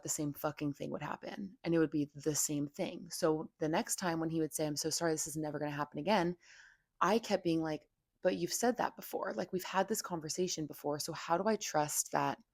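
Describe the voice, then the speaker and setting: Low gravelly-voiced young woman venting. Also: fairly quick, darkish tone, no echo, studio quality. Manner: venting, heavy "like" filler, frequent swearing. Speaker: podcast host. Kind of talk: candid casual podcast monologue.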